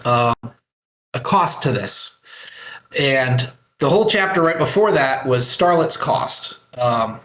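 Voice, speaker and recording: A man recaps a story in a casual online chat, halting often with fillers. His voice sits at a middle pitch. The call audio sounds roomy. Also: bright, forceful tone. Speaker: writer sharing his work. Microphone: computer mic on a voice call.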